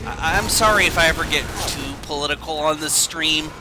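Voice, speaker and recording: A man's voice: a little high, fairly quick. A man streaming a game, chatting casually in a rambling, offhand way. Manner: rambling, self-correcting, offhand. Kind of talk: casual gaming chat. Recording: noisy game audio behind.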